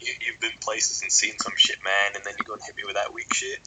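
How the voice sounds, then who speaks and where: A man's voice: lowish voice, level tone, fast, sharp tone, a little hiss or hum, rough recording. A man co-hosting a podcast in casual chat, teasing his friends and joking around. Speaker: podcast co-host.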